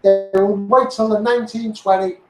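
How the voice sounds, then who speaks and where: Ranting high-voiced Liverpool man. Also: fairly even intonation, moderate pace, a little mellow, soft background music. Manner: blunt, sweary, heated and repetitive. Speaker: street campaigner. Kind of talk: angry political rant. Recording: roomy echoey sound.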